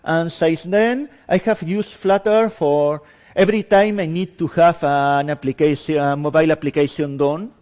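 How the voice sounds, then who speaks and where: Speaking at normal speed with a fairly high but darkish, clean, steady voice, a Spanish-accented man from Spain introduces a lab at a conference. His improvised talk, given in a conference room to an audience, is chatty and self-deprecating, with laughs between lines.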